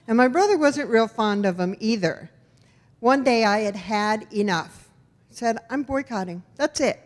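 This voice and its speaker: A woman from rural Iowa telling a personal story on stage, wry and expressive, with long hall reverb. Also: on the high side. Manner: wry, expressive, animated in punchlines. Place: storytelling event venue.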